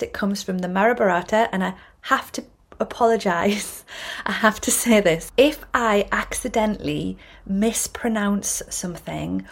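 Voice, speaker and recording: A woman hosting a yoga podcast, explaining ideas in a chatty, self-correcting way with frequent restarts. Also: mid-range voice. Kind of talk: casual explanatory talk.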